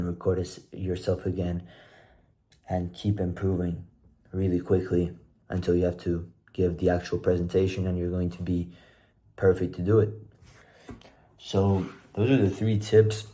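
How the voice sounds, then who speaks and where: Young man, very low and even voice, mellow tone, casual self-recorded tips. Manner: relaxed, conversational, self-deprecating. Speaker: presenter giving speaking tips. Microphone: self-recording camera.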